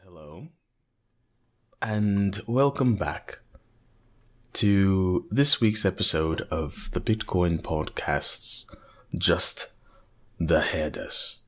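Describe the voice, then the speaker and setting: A man voicing a pompous male narrator from a library, doing a thin, watered-down British accent slowly. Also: low-pitched, animated, fairly bright tone, full character voice. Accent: put-on watered-down British. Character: male tweedy library narrator, mock-posh.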